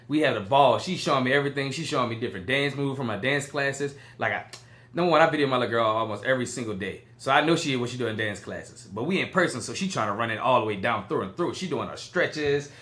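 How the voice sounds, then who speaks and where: A man co-hosting a podcast, telling a personal story in an animated way, often breaking into laughter. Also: medium pitch. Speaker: podcast co-host. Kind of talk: casual storytelling chat.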